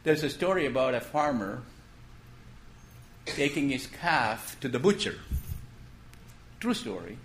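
A man preaching a sermon in a gentle storytelling way, posing questions and then dropping his voice to make a point. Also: medium pitch, sing-song, measured pace, pauses often, slight background noise. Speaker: pastor.

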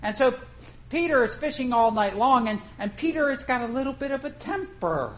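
A woman's voice: high voice, lively intonation, normal speed, rough recording. A woman preacher telling a fishing story in a folksy, conversational way, asking the congregation questions. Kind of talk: storytelling sermon.

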